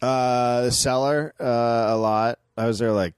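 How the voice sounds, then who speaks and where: A man's voice: mid-range voice, steady tone, measured pace, smooth, no echo. A man guest on a comedy podcast, talking bluntly and laid-back with plenty of swearing. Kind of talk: casual chat.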